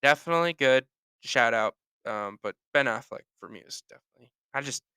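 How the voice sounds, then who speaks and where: A man's voice: medium pitch, animated, fairly quick, pushed and bright, smooth, no room sound. A man hosting a podcast and ranting casually on his own, rambling with frequent self-corrections and sighs. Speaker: podcast host. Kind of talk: casual solo rant.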